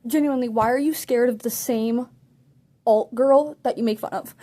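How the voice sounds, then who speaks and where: A woman telling a story in a casual, animated way, saying "like" a lot and often laughing mid-sentence. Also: fairly high pitch, moderate pace, background noise. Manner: chatty and animated, heavy use of "like". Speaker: vlogger.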